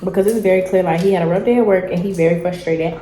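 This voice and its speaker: A young woman, telling a story in a casual, animated vlog chat and acting out the dialogue. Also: fairly low pitch, fast, echoey room, a little hiss or hum, rough recording. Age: young adult. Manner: animated, chatty, acts out dialogue. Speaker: vlogger. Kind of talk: casual storytelling while eating.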